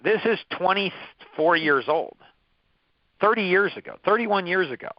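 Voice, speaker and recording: Speaking a little slowly in a high voice with lively intonation, a fifty-something course leader gives a motivational talk full of personal stories. He repeats himself for emphasis and frequently restarts phrases, and the audio is dull with no room sound.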